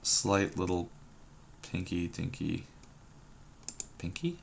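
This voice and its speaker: A man's voice: low-pitched, sing-song, slow pace, gravelly, slight background noise. A man thinking aloud while solving a word puzzle at his computer, musing and hesitant, trailing off and repeating words to himself. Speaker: puzzle game streamer.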